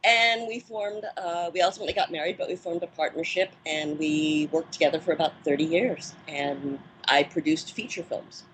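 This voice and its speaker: A woman in her fifties speaks in a lowish, calm register, thinking back on her early acting days. She talks at an easy, measured pace with gentle "ums" along the way. A faint hiss of background noise sits under her voice. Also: low-quality recording. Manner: reflective and measured, with soft fillers. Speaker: guest, former child actress and film producer. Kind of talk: interview reminiscence.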